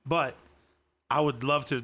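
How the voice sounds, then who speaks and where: A man's voice: fairly high pitch, steady tone, measured pace, over a noisy crowd. A man co-hosting a podcast in casual chat, rambling and chuckling as he talks. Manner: rambling, chuckling, loose storytelling. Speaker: podcast co-host.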